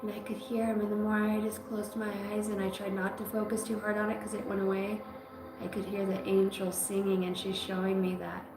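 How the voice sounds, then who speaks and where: A woman giving a live psychic reading, talking emotionally in halting phrases that break off mid-sentence. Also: mid-range voice, little pitch movement. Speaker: psychic reader. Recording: roomy sound with music behind.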